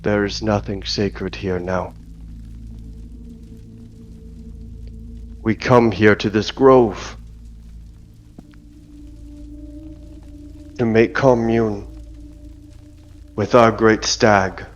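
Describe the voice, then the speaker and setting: A man voicing a solemn male wildling elder who is grieving, speaking slowly and gravely, on dull lo-fi audio with faint music. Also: on the low side, fairly even intonation.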